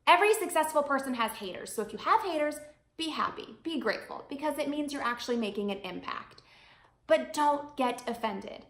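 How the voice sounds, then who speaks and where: An upbeat, emphatic woman talks straight to camera, giving media advice in a chatty vlog. Her voice sits high and bright, and the room adds a noticeable echo around her. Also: lively intonation, brisk. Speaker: media coach and vlogger.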